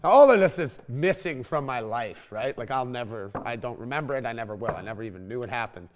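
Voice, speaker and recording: A young man hosting a casual chat, telling a lively, swearing, laughing story. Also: mid-range voice, a little fast, slight background noise. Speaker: podcast host.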